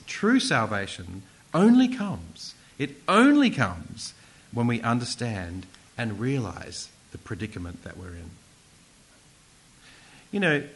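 A man preaches a sermon in a lively, animated way, his voice rising and falling widely. He presses hard on the key points and slips in casual asides and self-corrections. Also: mid-range voice, rough recording.

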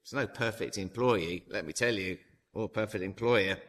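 A man's voice: lowish voice, moderate pace, a bit bright. A man preaching a sermon in a chatty way, adding tag questions and acting out the dialogue of the story. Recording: long hall reverb.

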